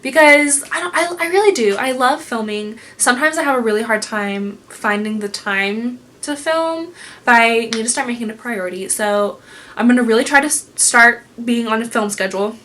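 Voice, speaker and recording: Gushing over products in a relaxed home room, a young woman vlogger rambles on with many fillers. Her voice is a little high and a bit bright, and she keeps a moderate pace.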